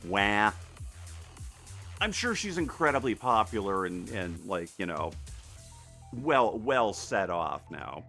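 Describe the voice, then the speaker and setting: A man's voice: lowish voice, big pitch swings, takes it slowly, creaky, long pauses, pushed and bright, faint music behind. A man chatting casually with viewers while he paints live, rambling and self-deprecating, with many restarts and laughs. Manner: talks to viewers as he works. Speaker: artist streaming a live painting session.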